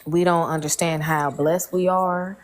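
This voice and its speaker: Candid woman with a lowish voice. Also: steady tone, unhurried, rough recording. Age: 30s. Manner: candid, colloquial, emotional storytelling. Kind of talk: casual chat, personal story.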